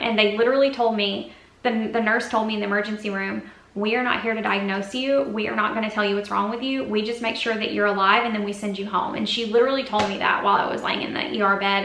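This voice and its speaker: Woman vlogger, confessional and rambling, crisp bright tone, echoey room on a camera mic. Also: mid-range voice. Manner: earnest, confessional, rambling storytelling. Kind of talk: personal health update to camera. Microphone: built-in camera mic.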